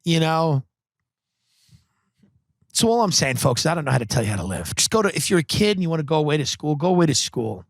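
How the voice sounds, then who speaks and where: A man from Long Island hosting a podcast, delivering a comedic monologue with sardonic, deadpan exaggeration into a close studio microphone. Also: fairly high pitch, fast talker, pauses often, no room sound. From Long Island, New York. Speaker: podcast host.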